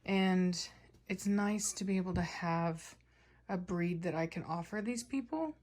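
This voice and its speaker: Speaking at a measured pace in a lowish, darkish voice, a dog breeder and trainer talks to her viewers. Her casual vlog chat is warm and wandering.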